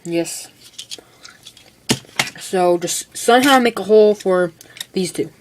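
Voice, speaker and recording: A teenage girl talks her way through a hands-on build in a loose, rambling way, tossing in "like" and "okay" as she goes. Her voice sits at an ordinary middle pitch. The home recording carries clear background noise. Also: slow. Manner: rambling, chatty, full of "like" and "okay". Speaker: hobbyist showing a build. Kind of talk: casual how-to demonstration. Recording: noisy home video recording.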